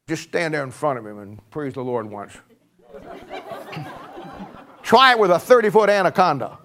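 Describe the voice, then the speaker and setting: A man's voice: fairly high pitch, big pitch swings, moderate pace, creaky, long pauses, fairly bright tone. A man in his sixties giving a conversational sermon, joking and rambling through stories with frequent restarts. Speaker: preacher.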